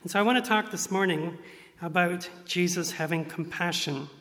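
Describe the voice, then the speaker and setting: A man's voice: high voice, normal speed, a bit bright. Man preaching in a reverberant hall. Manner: earnest, acts out quoted voices in bursts. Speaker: pastor. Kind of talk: sermon.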